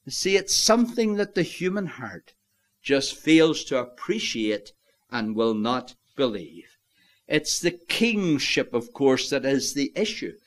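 A solemn preacher delivers his sermon with a slightly raised voice. He pushes loud on the words that matter and lets phrases fall away quietly at their ends. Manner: solemn preaching, swells loud on key words then drops low.

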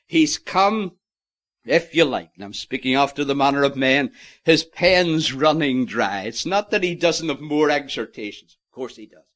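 A man's voice: medium pitch, animated, moderate pace, fairly bright tone. A man preaching an expository sermon, earnest and emphatic, quoting scripture in old-fashioned wording.

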